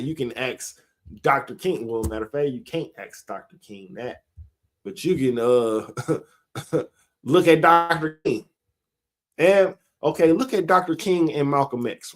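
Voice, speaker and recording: A man, giving a casual sermon-style monologue, slow and conversational, laughing between his points. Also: medium pitch. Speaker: street preacher.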